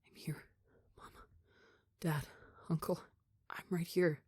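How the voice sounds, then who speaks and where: Woman doing a young male captive, crying, faint croaking whisper, low, close dry sound. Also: steady tone, fast, no room sound, lightly acted. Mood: weak, desperate. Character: captive young man, weak, sobbing.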